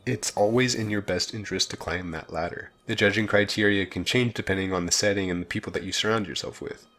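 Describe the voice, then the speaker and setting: A man reading a scripted video essay narration in a measured, explanatory way. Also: low-pitched, a bit bright.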